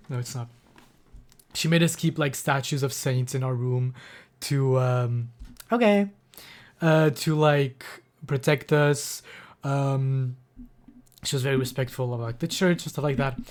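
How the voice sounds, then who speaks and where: Young man telling a story, emotional. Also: on the high side. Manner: rambling, emotional, with many fillers and restarts. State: close to tears. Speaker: streamer. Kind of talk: casual livestream storytelling.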